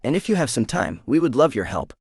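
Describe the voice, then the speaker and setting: A man's voice: mid-range voice, very animated, brisk, darkish tone, slightly rough, dry recording, studio quality. A man voicing a friendly, nosy woman doctor in her fifties with a slight Jamaican accent, in an audiobook. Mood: chatty. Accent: slight Jamaican accent as the figure. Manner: chatty, welcoming, a little pushy. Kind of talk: audiobook character voice.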